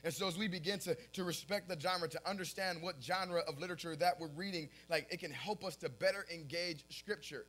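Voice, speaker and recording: High, bright-voiced animated young preacher. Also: male voice, fairly quick, few pauses. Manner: animated storytelling, often laughing at his own story; casual filler-heavy talk. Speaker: pastor. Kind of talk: sermon.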